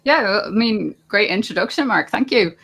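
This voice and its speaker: A woman's voice: mid-range voice, lively intonation, moderate pace, creaky, fairly bright tone, slightly rough. A woman from a music charity, talking casually in an interview with lots of fillers. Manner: chatty, loose, with fillers. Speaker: charity representative.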